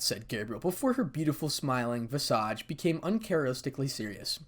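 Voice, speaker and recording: Lively man reading fan fiction. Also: medium pitch, a little fast. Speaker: story narrator.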